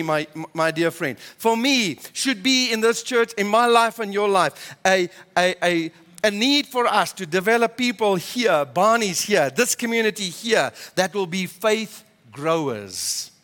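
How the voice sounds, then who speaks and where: In a reverberant church hall, a male pastor with a high, slightly bright voice preaches a passionate sermon. He is emphatic and repeats words as he builds up.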